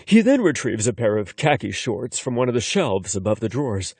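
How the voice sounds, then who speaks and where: A man narrating a first-person romance audiobook in an expressive, conversational way. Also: medium pitch, moderate pace, hardly any pauses, no room sound.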